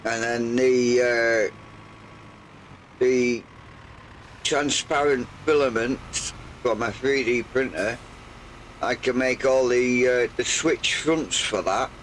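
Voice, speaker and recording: Older male streamer, croaky, unhurried, meandering chat. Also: mid-range voice, fairly even intonation, a bit bright, slight background noise, low-quality recording. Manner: rambling, hesitant, full of pauses. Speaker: game streamer. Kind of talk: relaxed live gameplay chat.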